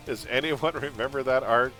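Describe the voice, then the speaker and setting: A man's voice: medium pitch, pushed and bright. A man chatting casually while live-streaming a game, laughing often and drifting into pop-culture tangents.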